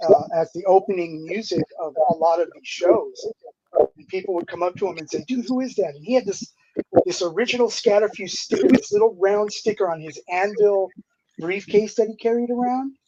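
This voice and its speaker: A man around sixty, a guest musician telling stories in a casual interview, animated and laid-back, with lots of "dude" and "you know". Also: sits high. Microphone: remote streaming call. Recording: dull, slightly lo-fi dry audio.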